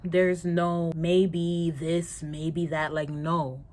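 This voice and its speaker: A young woman answering viewer questions in a casual vlog, playful and slangy, quick to laugh and swing into mock drama. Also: on the low side, level tone, a little mellow. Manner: slangy, chatty. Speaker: vlogger.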